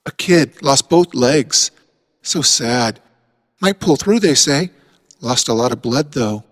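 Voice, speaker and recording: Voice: medium pitch, animated, takes it slowly, long reverb tail, pitched above the performer's own voice. A man voicing a gossipy teenage intern.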